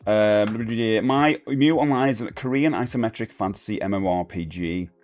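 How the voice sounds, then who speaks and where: A man's voice: on the low side, normal speed, darkish tone, soft background music. A middle-aged man hosting a live stream, rambling casually and answering chat comments. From United Kingdom.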